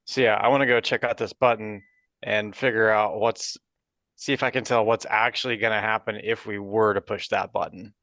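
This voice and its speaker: A man's voice: fairly low pitch, fairly even intonation, moderate pace, fairly bright tone, dry recording. A man playing a tabletop role-playing game, talking casually and hesitantly with many fillers. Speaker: player.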